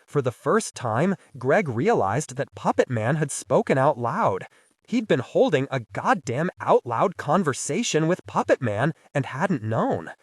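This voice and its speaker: A man narrating a thriller audiobook in a dramatic, expressive reading. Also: mid-range voice, no echo, studio quality.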